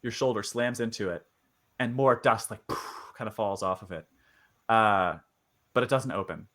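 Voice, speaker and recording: A man running a tabletop horror game as game master, narrating in a halting way with many fillers. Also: fairly low pitch, fairly bright tone.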